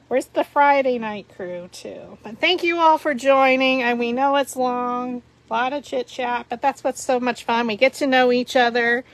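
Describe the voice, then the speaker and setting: A woman hosting a live paper flower tutorial, talking through each step as she works and chatting and laughing with viewers. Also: a little high. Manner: chatty, giggly, talks through steps while working.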